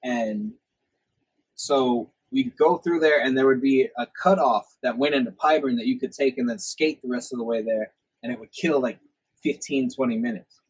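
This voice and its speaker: A young man, hosting a podcast and telling stories from his youth in a casual, animated way. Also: mid-range voice, moderate pace, slightly rough, low-quality recording. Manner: animated storyteller, acts out quoted lines loudly. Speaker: podcast host. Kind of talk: casual storytelling chat.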